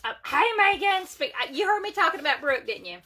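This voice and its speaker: Fast and high-pitched with big swings in pitch, the woman sounds bright and forceful. Doing makeup on a casual home livestream, she chats with her audience and greets each viewer by name, captured on a phone or webcam.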